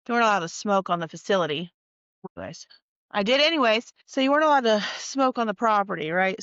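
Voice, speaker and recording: Gravelly woman swearing through a spooky story. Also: mid-range voice, fairly bright tone, no room sound. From North Carolina, USA. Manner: profane, emphatic, conspiratorial. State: tired. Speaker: storytime vlogger. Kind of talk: casual storytelling. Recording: dull, dry lo-fi recording.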